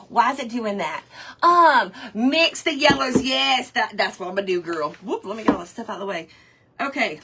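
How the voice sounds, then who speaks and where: Woman, craft livestream host, casual chatty talk, high voice, breathy. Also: bright, forceful tone. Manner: chatty, greets viewers by name, laughs often. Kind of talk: casual chat while painting on a livestream.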